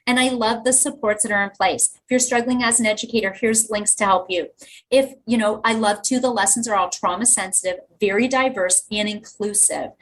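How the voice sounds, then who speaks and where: A woman's voice: medium pitch, fairly quick, slight background noise, low-quality recording. A woman teacher, telling classroom stories with enthusiasm in a podcast interview. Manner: enthusiastic storytelling, lively asides. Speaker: teacher and guest.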